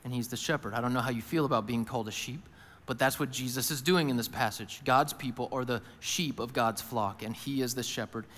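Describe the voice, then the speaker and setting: A male pastor preaching a sermon, who moves between hushed, intimate lines and loud, emphatic ones and often speaks in the first person as the people he describes. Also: medium pitch, a little fast. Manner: voices Jesus and worried listeners in first person. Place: church auditorium. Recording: long hall reverb.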